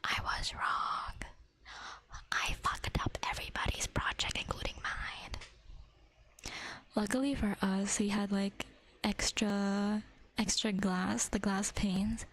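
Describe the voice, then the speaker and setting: A woman's voice: mid-range voice, steady tone, takes it slowly, fairly bright tone, rough recording. A woman hosting an ASMR livestream, chatting in a casual whisper, giggly and swearing freely.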